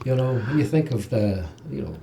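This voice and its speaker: A man with a Northern Irish accent hosting a local radio chat. He is lively, chatty and quick to laugh. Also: mid-range voice, slight background noise. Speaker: radio host. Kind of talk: casual chat.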